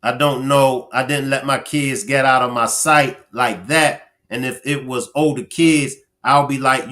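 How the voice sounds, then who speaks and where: A man's voice: mid-range voice, fairly even intonation, unhurried, few pauses, sharp tone. Emphatic man live-streaming commentary. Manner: talks straight to chat viewers, emphatic, repeats phrases. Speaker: livestream commentary host.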